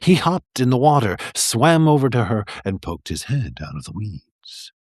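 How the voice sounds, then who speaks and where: A man's voice: mid-range voice, sing-song, moderate pace, darkish tone, breathy edge, no echo, studio quality. A man hosting a livestream, reading a picture book aloud in a chatty, rambling way with many fillers. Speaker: livestream host reading stories. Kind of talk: casual read-aloud storytelling.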